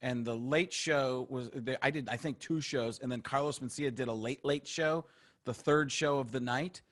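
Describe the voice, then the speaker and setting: A man's voice: medium pitch, normal speed, fairly bright tone. A man, a comedian, chatting and joking casually on a podcast, laughing often. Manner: laughs often, jumps in with jokey asides.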